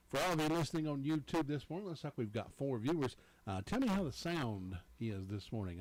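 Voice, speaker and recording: A man's voice: mid-range voice, darkish tone. A man, hosting a local morning radio show and chatting casually with his co-host. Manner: easygoing, chatty, laughs often. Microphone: studio microphone.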